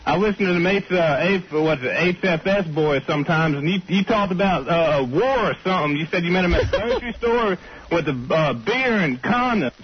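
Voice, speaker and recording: A man's voice: high-pitched, lively intonation, brisk, a little hiss or hum. A man calling into a radio show, folksy and rambling. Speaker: radio caller. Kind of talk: casual phone call. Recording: dull lo-fi radio phone call.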